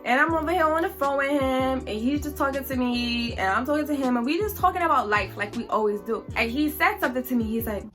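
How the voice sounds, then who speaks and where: A young woman telling a story on her vlog in a chatty, animated, slangy way. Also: high voice, fast, hardly any pauses, faint music behind.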